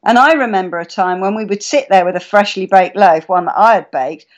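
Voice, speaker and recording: A woman talks in a chatty, storytelling way and slips into little acted-out voices of her own reactions. Her voice sits at an ordinary middle pitch for a woman. The audio is slightly muffled and lo-fi. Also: a little fast. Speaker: guest speaker. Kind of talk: casual live-stream chat.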